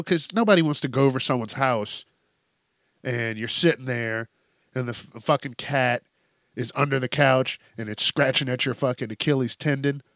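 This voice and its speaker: With a fairly bright, mid-range voice, a man hosting a podcast spins casual, profane stories for laughs, chuckling often. The clean studio recording has no echo.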